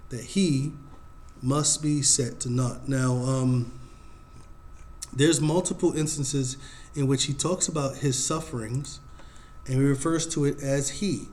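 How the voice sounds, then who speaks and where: A man's voice: medium pitch, a little mellow. Casual man leading a Bible study. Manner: casual and unhurried, with frequent ums and uhs, reading verses aloud. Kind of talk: informal Bible teaching.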